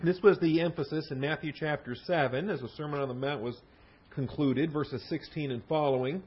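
A man's voice: on the high side, fairly quick, husky, muffled recording. A man teaching a verse-by-verse sermon as a Bible teacher, repeating key words for emphasis and often restarting his sentences.

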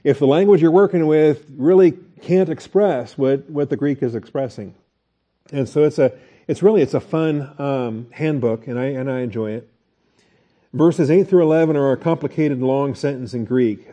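A man's voice: mid-range voice, warm tone. A man teaching a Bible study lecture in a conversational way, asking the class questions and restarting his sentences.

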